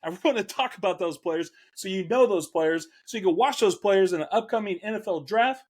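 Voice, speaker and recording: A man co-hosting a fantasy football show, laid-back and quick to laugh. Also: sits high, a little mellow. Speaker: podcast co-host. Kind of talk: casual sports chat.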